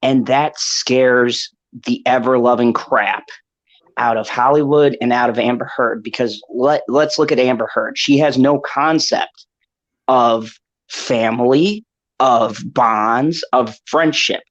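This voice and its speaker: A man's voice: medium pitch, takes it slowly. A man hosting a casual panel podcast, impassioned, laughing often and swearing freely. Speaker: podcast host. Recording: dull lo-fi call audio.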